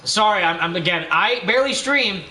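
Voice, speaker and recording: Excitable high-voiced young man streaming. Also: fairly quick. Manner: excitable, laughs often, quotes movie lines. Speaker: streamer hosting a game livestream. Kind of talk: casual chat with a friend. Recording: echoey room with faint background noise.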